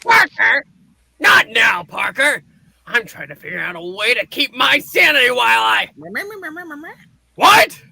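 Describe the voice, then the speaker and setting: Brief: man playing a shouty, bright-toned bossy editor, slow, comic-read style. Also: very high voice, sing-song, creaky, slightly rough, no room sound, full character voice. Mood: harried. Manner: shouting, exasperated. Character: blustering older male newspaper publisher.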